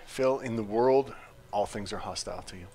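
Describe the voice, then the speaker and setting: A man's voice: on the low side, moderate pace, dark tone. A man speaking casually on a game livestream, a developer answering questions and teasing his co-host with dry wit. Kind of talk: casual gaming livestream chat.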